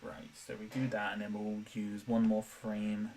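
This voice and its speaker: A man's voice: on the low side, flat delivery, a little slow, a little mellow, recorded from a distance, slight background noise, low-quality recording. A young man chatting casually while animating live from his home room, self-deprecating and laughing often, his throat a little dry. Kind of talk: casual live-stream chat. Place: home room, window open.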